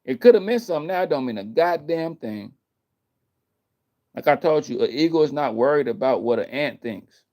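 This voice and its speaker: A man's voice: mid-range voice, moderate pace, a little mellow, dull audio. A man vlogging in a heated, casual rant, emphatic and profane, repeating himself.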